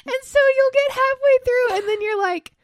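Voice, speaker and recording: A woman, co-hosting a podcast in casual chat, animated and giggly as she tells stories. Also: very high-pitched, normal speed, no echo, studio quality. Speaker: podcast co-host.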